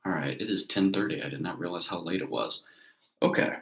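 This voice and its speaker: A man hosting a casual livestream, answering viewer questions in a relaxed, rambling way. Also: sits low, a little fast, vocal fry, low-quality recording. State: hiccups. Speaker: livestream host.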